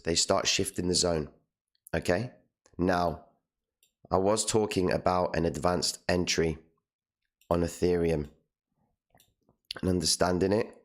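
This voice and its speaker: Hoarse, low-voiced male streamer; passionate live market commentary. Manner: passionate, tags lines with "okay?" and "all right?". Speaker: trading live stream host.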